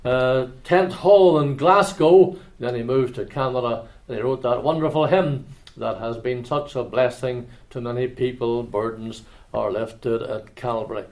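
A man with an Ulster accent preaching in a church, chatting with anecdotes and then reading scripture in a measured, solemn way. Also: mid-range voice, darkish tone. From Northern Ireland.

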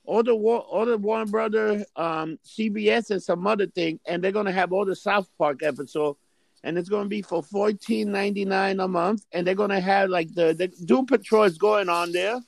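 Gravelly, high-voiced man chatting casually. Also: normal speed, no echo. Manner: laid-back, profane, rambling with fillers. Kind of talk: casual chat.

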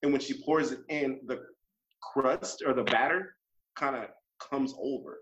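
A man in casual chat, joking deadpan and explaining things slowly and carefully. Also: medium pitch, lo-fi sound.

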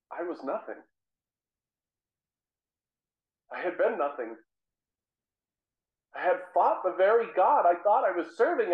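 A man playing the apostle Saul in a first-person dramatic monologue, telling the story earnestly with measured, dramatic pauses. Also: high voice, dull audio. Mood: remorseful. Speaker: guest speaker. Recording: roomy echo.

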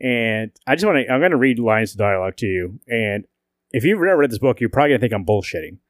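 A man's voice: mid-range voice, fast talker, no echo, clean studio sound. A man co-hosting a casual podcast, swearing and laughing as he reads out lines. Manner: profane, laughing, animated when reading quotes. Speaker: podcast co-host.

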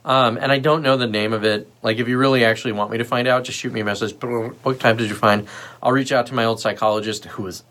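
A man's voice: medium pitch, fast talker, hardly any pauses. A man hosting a livestream, talking casually and rambling with lots of fillers and asides. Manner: puts on lively voices when quoting others. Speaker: livestream host.

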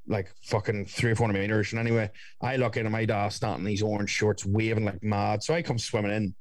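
A man's voice: on the low side, little pitch movement, quick pace, no room sound. A young man, telling stories in a casual chat and swearing often. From Ireland. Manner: storytelling, swearing, doing voices of others.

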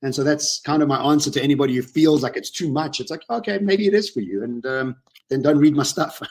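Animated man, higher voice. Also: fast. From South Africa. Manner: animated, emotional storytelling. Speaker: guest. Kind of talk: casual webinar interview.

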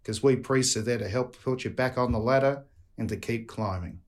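A man's voice: medium pitch, normal speed. A man with an Australian accent, a priest speaking earnestly as a podcast guest and leading a closing prayer. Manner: earnest, addresses listeners as friends.

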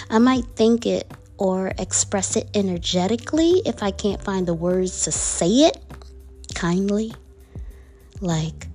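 A woman's voice: a little high, a little mellow. A woman reading out affirmation cards in a casual, playful vlog, drawing words out and dropping into whispered asides. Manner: playful, drawn-out delivery that drops into whispers. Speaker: affirmation card reader.

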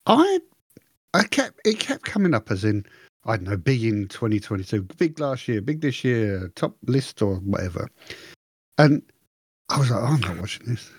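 Husky man, rambling podcast chat. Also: lowish voice, big pitch swings, moderate pace, dry recording, studio quality. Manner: rambling, self-mocking, acts out his own thoughts. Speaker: podcast co-host. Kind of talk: casual chat.

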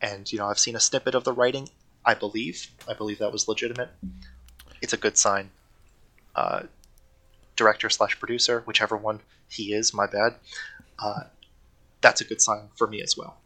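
A man's voice: on the low side, flat delivery, moderate pace, pauses often, bright, forceful tone. A man co-hosting a casual podcast, talking eagerly and rambling, often correcting himself. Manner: enthusiastic, rambling, self-correcting. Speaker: podcast co-host.

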